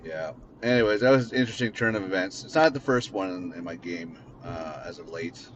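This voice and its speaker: A man's voice: low-pitched, fairly quick, dull audio, a little hiss or hum. A man hosting a podcast from his car, talking in a blunt, rambling way and swearing freely. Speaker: podcast host. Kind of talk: casual unscripted monologue.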